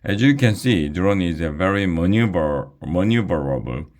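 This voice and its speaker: A man's voice: deep voice, expressive, moderate pace, a little mellow. A man reading as a teacher calling out commands. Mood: commanding. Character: teacher giving commands to a drone.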